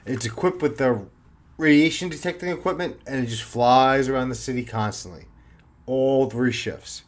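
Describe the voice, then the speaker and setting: A man, a former police officer, telling a story in a casual, animated way and swearing freely. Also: mid-range voice, normal speed. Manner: animated, swears freely, acts out his own panic.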